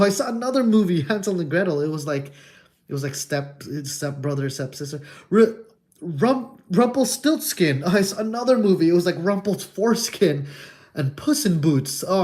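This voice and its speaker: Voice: medium pitch, darkish tone. A streamer casually working through a puzzle game, reading the text aloud and rambling with goofy, crude wordplay jokes.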